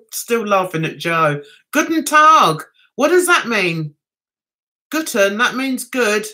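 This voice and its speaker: Giggly bright-voiced woman. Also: fairly high pitch, very animated, takes it slowly. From England. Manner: giggly, laughs often. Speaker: livestream host. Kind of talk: casual livestream chat reading comments.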